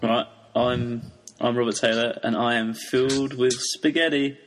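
A man's voice: medium pitch, fairly even intonation, a little slow. A young man co-hosting a casual chat, joking and teasing his friends. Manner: teasing, jokey. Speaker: podcast co-host.

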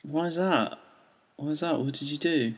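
A man's voice: on the high side, normal speed, husky. A man co-hosting a casual comedy podcast, playful and teasing, laughing a lot. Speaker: podcast co-host.

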